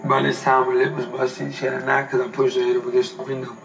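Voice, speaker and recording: Man talkin slangy and flat, gravelly voice, echoey room with music under it. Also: medium pitch, fast, recorded from a distance. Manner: casual slangy storytelling. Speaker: interviewee. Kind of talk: documentary interview.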